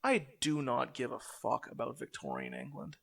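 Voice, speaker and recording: A man's voice: medium pitch, huge pitch swings, normal speed, creaky. A young man co-hosting a podcast, chatting casually, ranting animatedly with lots of swearing. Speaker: podcast co-host. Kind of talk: casual chat.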